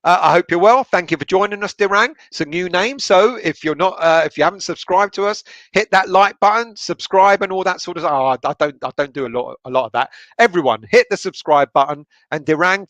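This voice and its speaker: A man hosting a football channel livestream reads out viewer comments, trading sweary banter and laughing often. His voice is on the high side and a bit bright, with no room sound.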